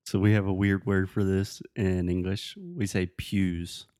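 Deep-voiced man coaching pronunciation. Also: monotone, moderate pace, darkish tone, dry recording, clean studio sound. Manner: patient, corrects pronunciation. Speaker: podcast co-host and English teacher. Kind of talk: casual conversational English lesson.

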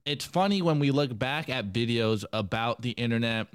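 A man's voice: medium pitch, animated, moderate pace, clear, resonant tone. A man co-hosting a podcast in a rambling, laid-back way, full of filler words. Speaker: podcast co-host. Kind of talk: casual chat.

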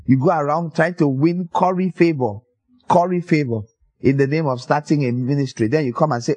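A man preaching a sermon, telling stories in an animated way and acting out the people in them. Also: on the high side, normal speed, breathy edge, no echo, rough recording. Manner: animated storytelling, acts out voices with laughter.

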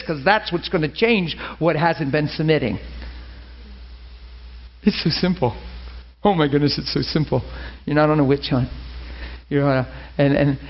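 High-voiced emphatic male preacher. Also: lo-fi sound. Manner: emphatic, storytelling, laughs often. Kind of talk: sermon.

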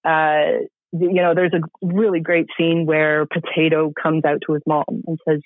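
A man's voice: fairly high pitch, level tone, moderate pace, no room sound. A man reviewing a film in casual podcast chat, enthusiastic and rambling with many fillers. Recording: tinny phone-like line.

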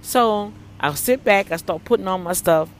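A man who prays for the sick, telling viewers a story in a casual, animated way and often calling them y'all. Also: sits high, moderate pace, slight background noise. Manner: animated, addresses listeners as y'all. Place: hospital waiting area.

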